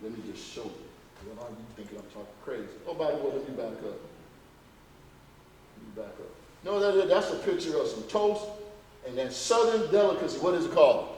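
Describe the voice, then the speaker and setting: A man's voice: mid-range voice, expressive, brisk, darkish tone, a little hiss or hum. Man lecturing in an echoey hall. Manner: rhetorical questions, folksy and emphatic. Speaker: health lecturer. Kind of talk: lecture to a church audience. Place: church hall. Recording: echoey hall recorded from far off.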